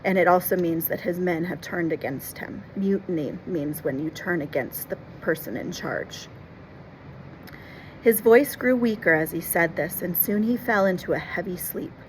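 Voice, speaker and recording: A woman reading a classic adventure novel aloud, expressively, pausing to explain words and events for children. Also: fairly low pitch, a little hiss or hum, rough recording. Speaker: storyteller and teacher.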